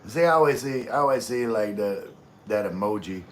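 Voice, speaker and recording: Greeting viewers by name, a middle-aged Louisiana man with a Southern accent reads live chat comments in a relaxed, drawling way. He speaks at a normal speed in a lowish, expressive voice, with a little background noise in the recording.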